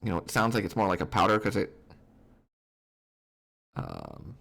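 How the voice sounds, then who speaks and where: A man streaming a video game live, commenting in a chatty, excitable way with lots of fillers. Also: lowish voice, moderate pace, gravelly.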